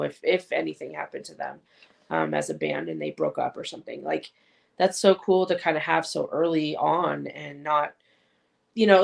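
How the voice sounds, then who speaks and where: A woman's voice: low-pitched, gravelly. A woman co-hosting a podcast in casual chat, rambling along with many fillers. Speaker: podcast co-host.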